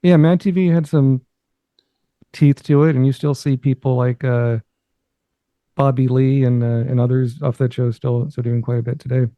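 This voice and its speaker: A man's voice: medium pitch, steady tone, normal speed, dark tone, dry recording. A man co-hosting a podcast, chatting in an easygoing, agreeable way. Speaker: guest co-host. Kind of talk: casual podcast commentary.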